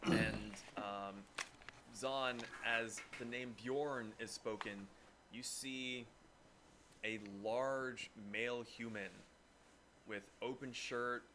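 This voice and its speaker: A man narrating as game master, animated and acting out the crowd's voices. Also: mid-range voice, extremely slow, slight background noise.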